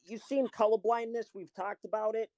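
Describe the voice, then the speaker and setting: A young man speaks his mind in a casual live call. His voice sits on the higher side for a man, and the sound is dry and close. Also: level tone, normal speed, darkish tone, dry recording. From Boston. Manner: opinionated, lots of "like" fillers. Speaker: live stream guest. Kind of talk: casual chat.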